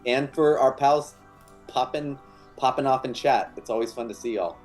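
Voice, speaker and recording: A man with a voice of middle pitch reads out thanks on a stream. He is casual and friendly, with frequent fillers and restarts. Faint music plays behind him. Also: moderate pace. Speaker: tabletop player reading channel thanks.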